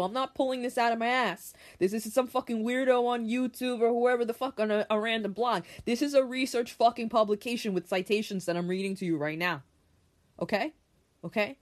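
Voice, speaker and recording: A woman's voice: medium pitch, a little mellow. A woman hosting a solo podcast, ranting in a heated, profane way and repeating her points for emphasis while she reads an article aloud and comments on it. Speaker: podcast host.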